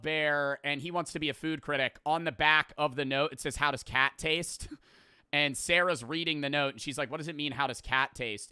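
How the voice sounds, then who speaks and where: Bright, crisp young man recapping a movie. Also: on the high side, no room sound, clean studio sound. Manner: rambling, profane, laughs at the story. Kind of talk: casual movie plot recap.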